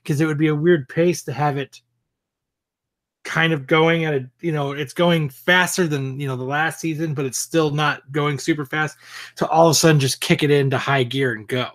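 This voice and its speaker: Higher-voiced man chatting casually, swearing freely. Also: fairly even intonation, normal speed, fairly bright tone. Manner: casual and profane, trailing off mid-thought. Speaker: podcast co-host. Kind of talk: casual fan discussion.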